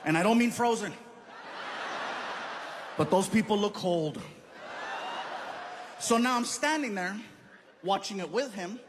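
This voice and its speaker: A man's voice: high voice, measured pace, long pauses. A man performing a stand-up comedy routine, telling stories and acting out the people in them. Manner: animated storytelling with acted-out quotes. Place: large hall on stage. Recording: live venue with long reverb and noise.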